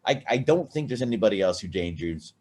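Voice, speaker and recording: A man's voice: on the low side, animated, brisk, a little mellow. A man on a casual podcast, rambling and swearing through a drunken personal chat with many restarts. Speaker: podcast co-host.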